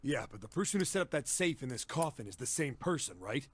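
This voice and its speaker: A man voicing a steady, practical companion. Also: mid-range voice, quick pace, lightly acted. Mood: urging. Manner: persuasive, matter-of-fact. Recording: faint game music underneath.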